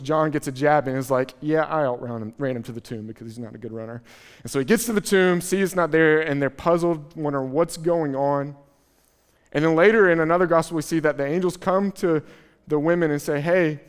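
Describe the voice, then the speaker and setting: A male pastor preaches in a fairly high voice, acting out the scripture scenes in casual, animated voices. His words ring out with a long reverb, as though spoken in a large hall. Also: smooth. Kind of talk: sermon.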